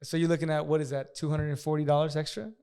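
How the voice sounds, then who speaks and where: A man casually telling a profane story as a podcast guest, talking fast and acting out the people in it. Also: fairly high pitch, flat delivery, warm tone, clear, resonant tone. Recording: long hall reverb.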